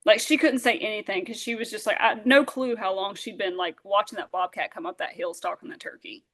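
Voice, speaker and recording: A woman, a podcast guest telling a lively story and acting out the voices of those in it. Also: medium pitch, a little fast. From Southern Alabama. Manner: animated, acts out dialogue, many fillers. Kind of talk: storytelling in casual interview.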